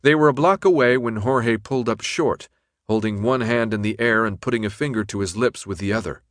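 A man reading a novel aloud in even, measured scripted narration. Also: fairly low pitch, no echo, clean studio sound. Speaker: audiobook narrator.

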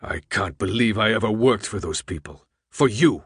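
A man doing a gruff older man barking orders. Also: fairly low pitch, normal speed, a bit bright, no room sound, studio quality, full character voice. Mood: bitter.

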